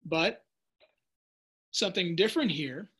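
Guy running a chill bible study, kinda high voice, cracks little jokes, restarts his sentences a lot. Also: expressive, measured pace, fairly bright tone, breathy edge. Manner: chatty, jokey asides, restarts mid-sentence; answers viewers' typed questions. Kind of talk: casual Bible study lesson.

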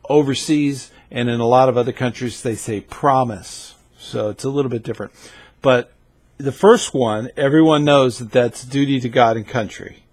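A man's voice: medium pitch, normal speed, a little mellow, no echo. A man who leads in scouting, giving an instructional video talk in a conversational way and often checking in with the viewer. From United States. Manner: conversational, keeps checking in with "okay?". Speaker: scouting leader and channel host.

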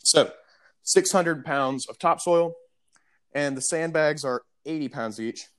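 Animated young man telling a story. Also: a little high, takes it slowly. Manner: animated storyteller, mimics customers. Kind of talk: casual chat, storytelling.

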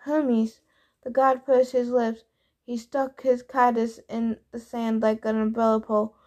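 A woman reads a novel aloud in the first person. Her voice is high, and her reading is plain, with small stumbles now and then. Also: completely flat delivery, moderate pace, darkish tone. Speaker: reader. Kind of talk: audiobook narration of a novel.

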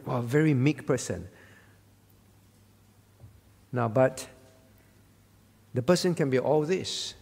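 A man's voice: mid-range voice, takes it slowly, gravelly, long pauses, darkish tone, breathy edge, big-room sound. A male pastor preaching a sermon at a prayer meeting, earnest, teaching with rhetorical questions and fillers. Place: church.

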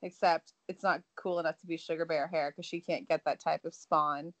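A woman's voice: sits low, steady tone, moderate pace, no echo, muffled recording. A woman co-hosting a casual gossip chat, giving short blunt reactions and sarcastic jabs.

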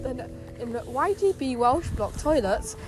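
A woman's voice: high-pitched, lively intonation, a little slow, music in the background. A woman voicing a gossiping, crude old grandmother, telling rambling comic stories full of swearing. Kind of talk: comic storytelling monologue.

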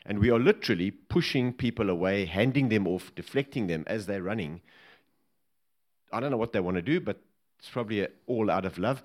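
Low-voiced man, ex-bodyguard raconteur, humorous live storytelling. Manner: lively and humorous, laughing at his own story. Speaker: former presidential bodyguard telling a story. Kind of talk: anecdotal storytelling to a live audience.

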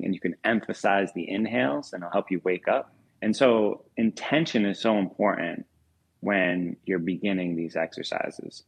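A young man guides listeners through a breathing exercise in a calm, measured way. His voice is low, with a gravelly fry. It also has a husky edge. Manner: calm, measured, counts slowly when guiding. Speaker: podcast co-host.

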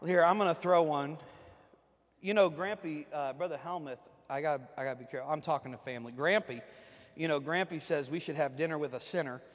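A man's voice: a little high, fairly quick. A pastor, preaching a joking, folksy sermon to his congregation from the platform of a church. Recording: long reverb of a church hall.

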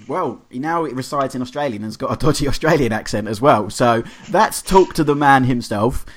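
A man's voice: mid-range voice, fairly quick, poor audio. A man hosting a radio show, chatting with a guest in a playful way. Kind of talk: radio interview chat.

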